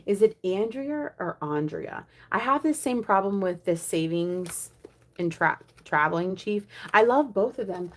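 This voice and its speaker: A young woman vlogging a savings challenge, chatting casually and counting money aloud, often dropping to a soft murmur. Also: medium pitch. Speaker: budgeting vlogger.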